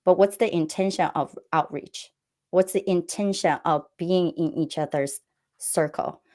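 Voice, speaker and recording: Low-voiced woman coaching entrepreneurs. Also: unhurried, dark tone. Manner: earnest advice-giving, frequent tag "right?". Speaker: guest business coach. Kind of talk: interview answers.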